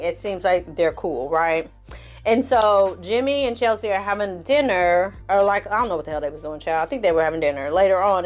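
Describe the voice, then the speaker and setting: Sassy woman recapping a reality show. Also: mid-range voice. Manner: sassy, animated, acts out quotes from the show; candid, addresses viewers as y'all. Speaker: TV recap reviewer. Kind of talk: casual commentary recap.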